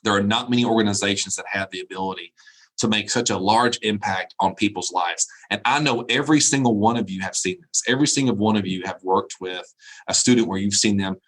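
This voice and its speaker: A man's voice: fairly low pitch, brisk, a bit bright, poor audio. A man who is a college dean, giving a motivational keynote over a video call, telling funny anecdotes and chuckling at his own jokes before turning earnest and encouraging. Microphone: video call mic.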